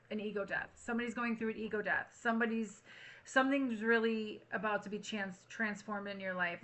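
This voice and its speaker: A woman runs a tarot reading straight to camera in an easy, rambling chat. Her voice is bright and forward, with a medium pitch. She speaks frankly, and swears casually mid-thought. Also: low-quality recording. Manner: chatty, frank, swears freely. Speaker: tarot reader.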